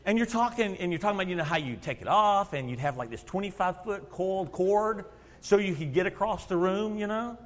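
A man in his fifties preaching a sermon in a church, telling stories in an animated way, acting out quotes and laughing often. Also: sits high, fairly quick. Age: 50s. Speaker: lay preacher and schoolteacher. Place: church sanctuary. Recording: long reverb of a church hall.

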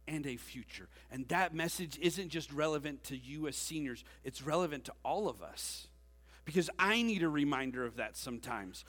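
A man's voice: on the high side, pushed and bright, big-room sound. A middle-aged man, giving a joking, self-deprecating sermon-style talk to graduating seniors. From Georgia, USA. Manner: joking, self-deprecating, with frequent "okay?" asides. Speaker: teacher and speaker at a senior ceremony. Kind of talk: conversational sermon-style address.

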